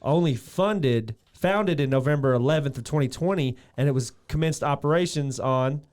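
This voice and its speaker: A man's voice: medium pitch, moderate pace, darkish tone. A man co-hosting a podcast, cracking jokes and loosely reading out background facts in casual chat. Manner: jokey, reads out trivia loosely. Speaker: podcast co-host.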